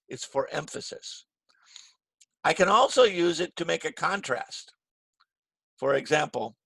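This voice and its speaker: A gravelly, slightly husky man leads an online English grammar lesson in a rather high voice. The sound is dry and close, as if picked up by his computer mic on a video call. He is patient, asks "right?" again and again, and acts out short example dialogues. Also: lively intonation, a little slow, long pauses, fairly bright tone, no room sound. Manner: patient, checks in with "right?" often. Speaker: English teacher.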